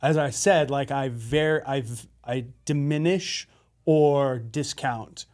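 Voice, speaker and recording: A man's voice: medium pitch, slow, darkish tone. A man co-hosting a podcast in a casual conversation, candid and self-deprecating, with casual swearing. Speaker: podcast co-host.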